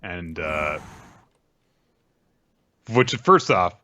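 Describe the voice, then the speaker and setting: A man's voice: low-pitched, very slow, no echo, highs cut off. A man hosting a podcast, casually and animatedly recapping a manga chapter. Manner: animated retelling, drops into character voices. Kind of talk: casual chat.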